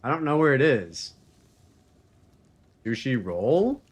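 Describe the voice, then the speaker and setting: A man's voice: medium pitch, very animated, slow, breathy edge. A man streaming a video game, chatting casually, joking and laughing often as he reads chat messages aloud.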